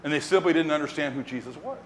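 A man preaching a sermon as pastor, telling the story in an animated way and acting out scenes. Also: on the high side, quick pace, slight background noise.

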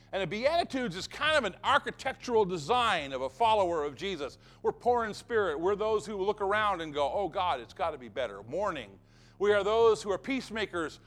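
A man preaching from the pulpit, with a high voice that climbs and drops all over. He hammers his points home by repeating phrases again and again. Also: a bit bright. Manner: emphatic, repeating phrases for effect. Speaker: pastor. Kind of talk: sermon.

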